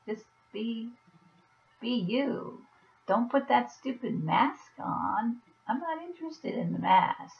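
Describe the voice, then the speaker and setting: A woman talking softly and gently to a viewer in a personal video message, reassuring, with halting pauses. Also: fairly high pitch, lively intonation, gravelly. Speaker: vlogger. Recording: dull lo-fi recording.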